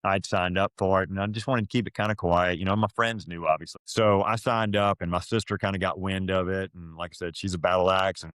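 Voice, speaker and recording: Deep-voiced man telling his story. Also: fairly even intonation, fairly bright tone, clean tone, no echo. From Florida, USA. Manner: halting, many restarts and fillers, choked up. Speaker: podcast guest. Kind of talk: emotional storytelling.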